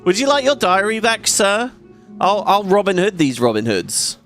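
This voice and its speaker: A man giving casual gameplay commentary as a let's play host, chatty and excitable, swearing often. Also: high-pitched, moderate pace. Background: game music.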